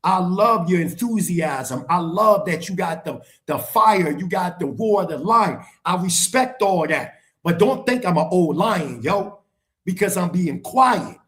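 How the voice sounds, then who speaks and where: A middle-aged man holds forth in a heated live-stream debate, with a notably high voice for a man. He lectures forcefully and drives each point home by repeating it. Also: lively intonation, unhurried. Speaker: guest speaker on a live stream.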